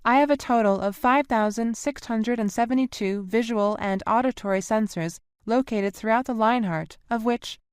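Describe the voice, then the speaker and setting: A woman's voice: a little high, normal speed, few pauses, smooth, dry recording, clean studio sound, voice pushed up, close to an everyday voice. A woman reading the part of a literal-minded ship's computer that reports in pedantic detail.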